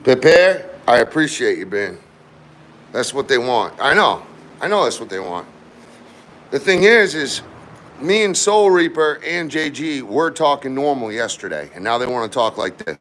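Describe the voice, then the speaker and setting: A man's voice: medium pitch, expressive, moderate pace, fairly bright tone, slight background noise. A man who works as a carpenter, chatting casually and rambling to viewers while working, with some angry outbursts. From Maine, US.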